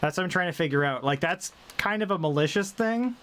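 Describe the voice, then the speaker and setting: A young man talks casually to a live stream audience in a neutral General American accent. His voice sits a bit high for a man. He rambles, repeats words and fixes his sentences as he goes, over a faint background hum. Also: expressive, a little fast, fairly bright tone. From Canada (British Columbia). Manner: rambling, self-correcting, reading chat aloud.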